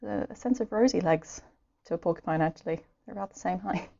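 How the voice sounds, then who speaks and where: A woman's voice: lowish voice, fast talker, vocal fry, mellow. An Irish woman chatting casually and giggling to herself as she draws at home during a live stream. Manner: chatty, giggly, talks to herself while sketching. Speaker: art streamer. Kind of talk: casual chat while drawing. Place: home room. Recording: dull lo-fi stream audio.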